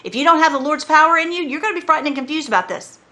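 High bright fervent woman preacher. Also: expressive, very fast. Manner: fervent, shifts between prayer and chatty commentary. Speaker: Christian teacher. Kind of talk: Bible teaching with prayer.

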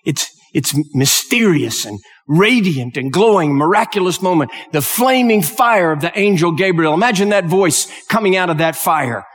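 A male preacher delivers a sermon, telling a story that builds into impassioned exhortation. His voice sits high for a man. It rings out with a long reverb, as in a large hall. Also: expressive, moderate pace, hardly any pauses, fairly bright tone. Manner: emotional, rising to impassioned exhortation.

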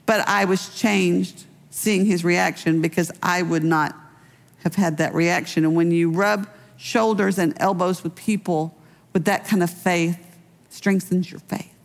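A woman's voice: fairly low pitch, fairly even intonation, a little slow, gravelly. A middle-aged woman pastor giving a conversational sermon, telling personal stories with light laughter. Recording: long hall reverb.

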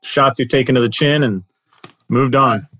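A man hosting a podcast interview, relaxed and joking with his guest. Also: medium pitch, moderate pace. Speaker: podcast host. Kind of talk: conversational interview.

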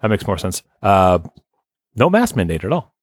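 A man's voice: lowish voice, big pitch swings, moderate pace, no echo. A man hosting a casual podcast, reading listener lists in a loose, rambling way and swearing offhand. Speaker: podcast host.

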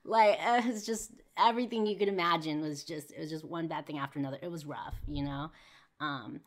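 A woman's voice: low voice, brisk. A woman hosting a podcast, candidly telling a personal story with lots of fillers and swearing. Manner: candid, profane, full of fillers; heated when reliving arguments. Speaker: podcast host.

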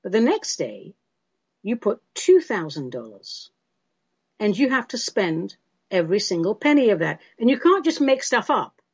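A woman's voice: mid-range voice, very animated, moderate pace, darkish tone, breathy edge, no echo, lo-fi sound. A British woman hosting a spiritual call-in show, chatty and theatrical as she answers listeners, calling them love and darling. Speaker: host answering listener questions.

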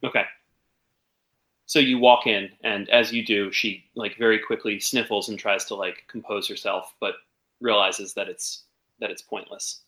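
A man narrating a tabletop game as game master. His voice sits a little low but sounds bright and sharp, and he talks casually and hesitantly with many fillers. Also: fairly even intonation, unhurried, rough recording.

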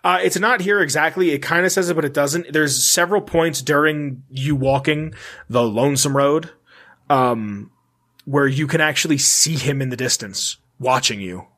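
A man's voice: a little high, normal speed, fairly bright tone. A man hosting a casual podcast, reading notes aloud and breaking off for offhand, sometimes profane asides. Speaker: podcast host.

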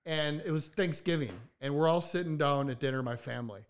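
A man's voice: on the high side, fairly quick, clean tone. A man telling a story in casual podcast chat, acting out quotes with a raised voice. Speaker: podcast co-host.

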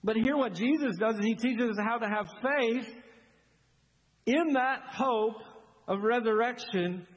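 High-voiced pastor preaching in a reverberant hall. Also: male voice, a little slow. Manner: animated, conversational preaching with rhetorical questions. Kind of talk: sermon. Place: church sanctuary. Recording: husky voice in a long-reverb church hall.

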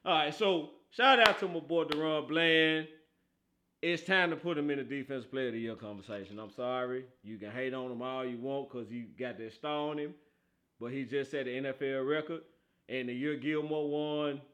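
A man hosting a casual football podcast, talking in animated, slangy banter and laughing often. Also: fairly high pitch. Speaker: podcast host. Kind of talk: casual football talk show.

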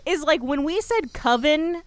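A woman's voice: high-pitched, animated, a little slow, over a noisy crowd. A woman co-hosting a podcast, recapping a TV episode in casual chat with a sarcastic, rambling manner and many ums. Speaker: podcast co-host.

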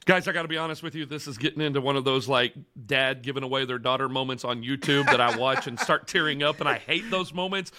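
Bright, laughing podcast host man. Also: mid-range voice, quick pace, hardly any pauses, slight background noise. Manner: animated storytelling with laughs. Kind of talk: casual chat.

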